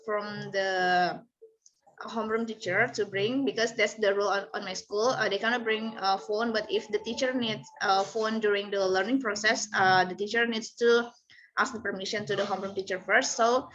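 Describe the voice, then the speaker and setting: A woman, a junior high English teacher, explaining her class plan in an online class with halting fillers. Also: steady tone, fairly bright tone. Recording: muffled audio with faint noise.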